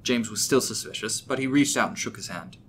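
A man narrating a horror story in a steady, expressive storytelling manner. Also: mid-range voice, a little fast, slight background noise.

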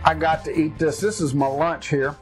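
A man's voice: fairly high pitch, fairly even intonation, moderate pace, over music. A man hosting his own home cooking show, talking in a folksy, jokey, colloquial way. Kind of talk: casual cooking demo.

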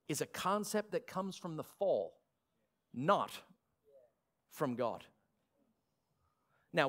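A male pastor with an Australian accent preaching a sermon, lively with sarcastic asides. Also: mid-range voice.

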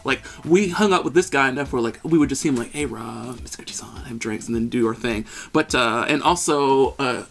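A man in his thirties co-hosting a podcast, telling a story in an animated, excitable way. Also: medium pitch, fairly quick, hardly any pauses. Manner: animated, excitable, shouts at peaks. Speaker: podcast co-host. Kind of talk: casual storytelling chat.

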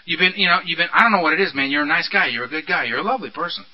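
A man voicing a male addiction demon, who whispers and wheedles in a smooth, falsely caring way. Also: fairly high pitch, rapid-fire, pitched below the performer's own voice, close to an everyday voice. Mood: wheedling. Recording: dull lo-fi recording.

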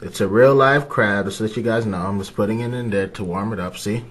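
A young man vlogging casually from his kitchen sink, excitable and profane, talking to his dog and the camera. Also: on the low side, brisk, a little hiss or hum. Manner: excitable, profane, talks to a pet. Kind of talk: casual handheld vlog.

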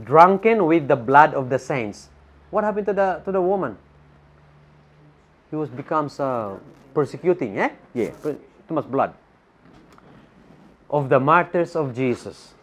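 A Filipino-accented man preaching in a church, his fairly high voice swinging widely up and down. He reads scripture aloud and keeps firing questions at the congregation. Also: a little slow, long pauses. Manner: animated, asks the congregation rhetorical questions. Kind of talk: sermon with Bible reading.

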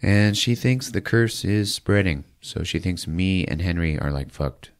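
Deep-voiced male podcast host, profane and animated, for a casual movie recap. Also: measured pace, clean tone. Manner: profane, laughing, animated retelling.

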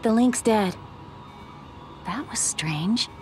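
A woman's voice: high-pitched, expressive, moderate pace, soft background music. An actress voicing an earnest young female space officer in a video game.

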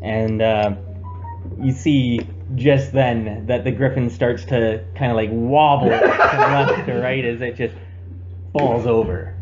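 A man narrating as game master, relaxed and wry, recorded on a muffled phone. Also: medium pitch, slow, background noise.

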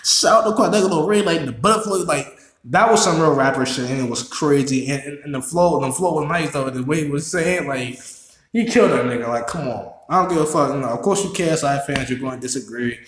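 Male reaction host: quick, excitable, profane delivery, recorded in a roomy, echoey space. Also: fairly high pitch. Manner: excitable, profanity-heavy, repeats himself. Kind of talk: casual reaction commentary.

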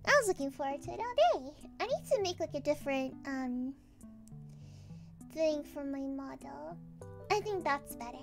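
A woman streaming a game and chatting casually with viewers, bubbly and excitable, rambling with exclamations. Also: high voice, moderate pace, gravelly, over music. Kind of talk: casual livestream chat while gaming.

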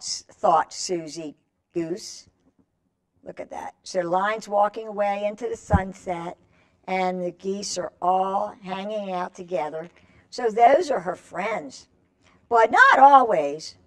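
A woman reading a picture book aloud to children, coaxing them to join in with stretches and animal calls. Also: medium pitch. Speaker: children's storyteller.

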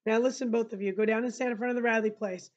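Woman reading a calm, firm father in a novel read-aloud; slightly high voice, muffled recording. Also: racing, lightly acted. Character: calm steady father, middle-aged man.

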